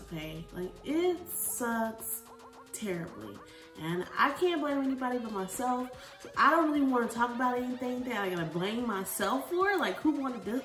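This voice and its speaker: A woman in her twenties, a vlogger from the United States, talking in a rambling, expressive casual chat that swings between soft and loud. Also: medium pitch, unhurried, recorded from a distance. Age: 20s. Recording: roomy echo, from the mic, faint music.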